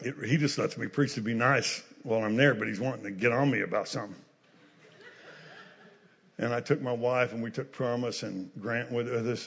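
A man preaching a storytelling sermon who goes from shouted lines to quiet, chatty asides. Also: medium pitch, husky. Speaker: pastor. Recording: hall reverb.

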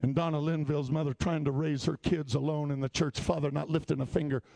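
A male preacher with a slightly high, gravelly voice carries a congregation through a story. The sound is dry and close. His delivery builds from plain storytelling into shouted appeals. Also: steady tone, fast talker, no echo. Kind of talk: sermon.

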